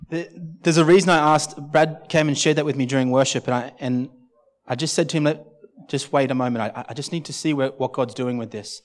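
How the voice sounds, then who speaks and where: A man preaching a sermon at a church service, telling a personal story in an earnest, halting way with many restarts. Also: medium pitch. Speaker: pastor.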